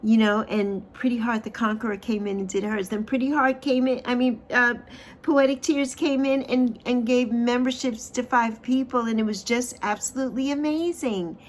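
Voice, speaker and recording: A woman in her sixties hosting a spiritual livestream, giving an uplifting tarot card reading and chat, repeating phrases and stretching words for emphasis. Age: 60s. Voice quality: expressive, swings pitch and loudness for emphasis. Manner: repeats phrases, drawn-out affirmations.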